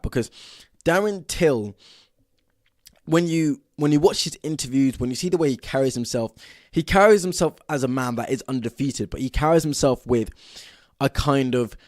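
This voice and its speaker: A young man from southern England hosts his own podcast, talking straight to the listener with real excitement and plenty of ums along the way. His voice sits at an ordinary middle pitch, and the sound is dry and close, with no room echo at all. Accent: Southern English. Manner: excitable and energetic, lots of fillers. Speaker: podcast host. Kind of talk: solo podcast monologue.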